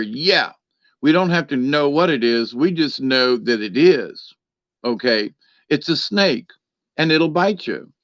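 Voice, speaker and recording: A man's voice: medium pitch, fairly bright tone, no echo, clean studio sound. A man giving a casual spiritual talk and telling a story, rambling with many fillers and restarts. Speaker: spiritual teacher.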